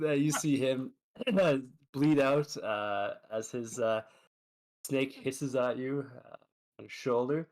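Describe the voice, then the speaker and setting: A man running a tabletop game as its dungeon master, chatty and quick, with lots of fillers. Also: medium pitch, a little mellow.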